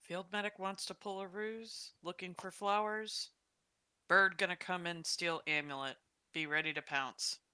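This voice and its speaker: A woman playing a tabletop role-playing game. Her voice is very bright, clear and slightly low, recorded dry and close. She speaks in short, clipped bursts. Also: fairly even intonation, measured pace, dry recording. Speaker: player.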